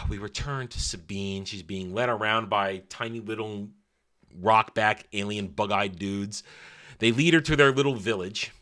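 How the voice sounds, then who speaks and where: A man's voice: lowish voice, normal speed, a bit bright. A man giving a casual, opinionated show review in a sarcastic, scornful way, with mocking asides.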